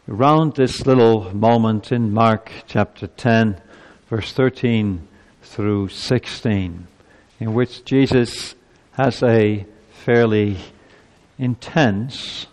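A man's voice: fairly low pitch, darkish tone. A male pastor giving a sermon in a church, earnest and emphatic, his voice climbing as he presses his points. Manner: earnest, emphatic preaching with rising intensity. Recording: long reverb of a church hall.

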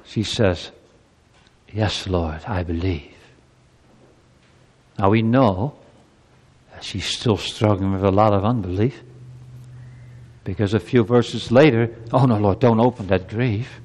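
A pastor in a church sanctuary preaches to his congregation, reading scripture aloud and building toward fervor. His voice is fairly low and slightly mellow, with a measured pace, and the hall gives it a long reverb.

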